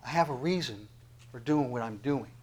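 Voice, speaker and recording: A man preaching a sermon, reading scripture aloud and swinging from loud emphatic declarations to hushed whispers. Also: mid-range voice, moderate pace, rough recording. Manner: acts out dialogues with God in other voices. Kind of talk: sermon, Bible teaching.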